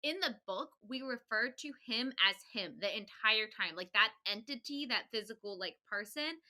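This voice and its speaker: A young woman with a very bright, sharp and fairly high voice chats as a podcast co-host. She rambles through her thoughts with frequent "like" and quick laughs, in a casual tone. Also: expressive. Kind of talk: casual book chat.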